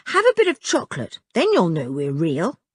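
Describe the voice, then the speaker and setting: A woman reading an audiobook, voicing a cheerful young boy who talks in a bright, admiring way. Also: on the low side, huge pitch swings, moderate pace, breathy edge, no echo, clean studio sound, full character voice. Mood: cheery.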